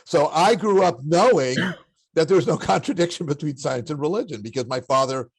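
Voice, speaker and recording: An older man from Los Angeles, a guest telling reflective stories from his childhood with many halting restarts. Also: a little high, expressive, husky, no echo. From Los Angeles, USA. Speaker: interview guest. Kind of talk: reflective storytelling.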